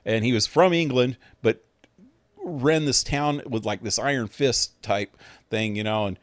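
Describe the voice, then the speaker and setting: A man's voice: medium pitch, unhurried, no room sound. A man with a mid-range voice rambling casually as a game streamer, laid-back and loose with the occasional swear word. The sound is close and dry. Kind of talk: casual chat.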